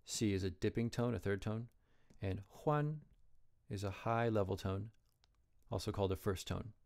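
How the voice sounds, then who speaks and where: Lower-voiced man teaching Chinese characters. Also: darkish tone. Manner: slow, careful modeling of pronunciation. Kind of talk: explaining Chinese characters and tones.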